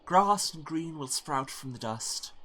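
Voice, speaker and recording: A man voicing a young woman leader in a raised, soft voice, speaking slowly and earnestly. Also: fairly high pitch, lively intonation, pitched above the performer's own voice, exaggerated voice.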